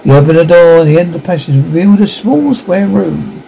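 A man narrating a story aloud in a steady reading manner, with small slips. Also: fairly high pitch, fairly quick, creaky, slight background noise, low-quality recording.

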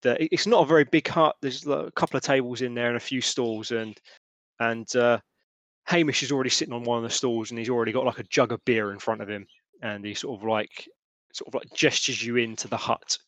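A man running a tabletop game as game master, narrating in a halting way with lots of restarts. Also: medium pitch, steady tone, a bit bright, no room sound. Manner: halting, many fillers and restarts.

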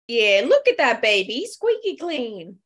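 Bright, lively woman player. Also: a little high, unhurried. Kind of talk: casual chat at a tabletop game.

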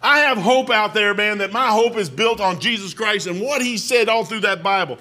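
A middle-aged man delivers a sermon in a folksy, storytelling manner. His voice sits high and sounds bright and sharp. He drops into quiet asides, then builds to loud, pressing appeals. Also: normal speed. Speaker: pastor.

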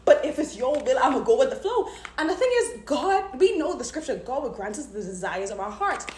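A woman's voice: sing-song, fairly quick, darkish tone, reverberant, slight background noise. Candid woman sharing a devotional talk. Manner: candid, emotional storytelling, breaks into higher pitch when retelling prayers. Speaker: faith podcaster. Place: at home, just came in the door. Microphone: phone.

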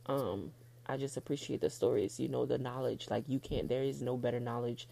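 A woman's voice: a bass voice, fairly even intonation, fairly quick, creaky, dark tone. A woman hosting her own podcast in a casual, frank solo chat, laughing often and getting emotional. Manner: heartfelt, gets emotional. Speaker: podcast host.

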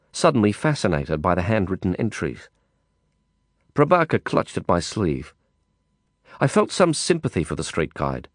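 A man narrating an audiobook in a measured storytelling manner. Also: deep voice, no echo, clean studio sound.

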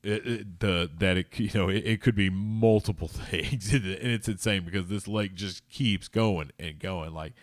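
Deep-voiced rambling podcast man. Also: measured pace, hardly any pauses, no room sound, studio quality. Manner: rambling, jokey, trips over words. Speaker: podcast host. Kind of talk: casual rambling monologue.

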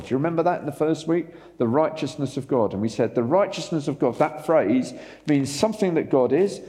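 In a large hall, a pastor delivers an animated sermon, putting rhetorical questions to the congregation. His voice is mid-range.

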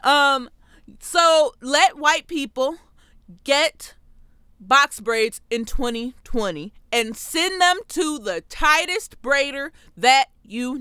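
Bright, lively young woman podcast host. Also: high-pitched, clear, resonant tone, no echo. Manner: animated, sarcastic, playful. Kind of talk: comedic solo podcast monologue.

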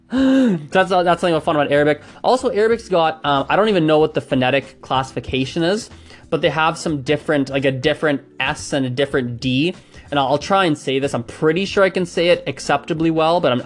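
A man casually explaining pronunciation facts, chatty and hedging, trying out sounds aloud as he goes. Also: on the high side. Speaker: language enthusiast explaining pronunciation.

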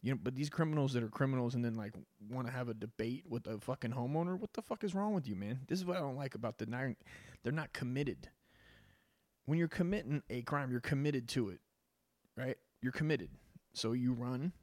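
Man, podcast host, profane rambling monologue, keeps saying dude, mid-pitched voice, dry close sound. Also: expressive, fairly quick, a little mellow, no room sound. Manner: crude, rambling, says "dude" constantly.

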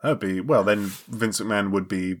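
A man's voice: lowish voice, steady tone, moderate pace. A man co-hosting a podcast, chatting casually with jokey, rambling asides. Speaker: podcast co-host. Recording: loud background noise.

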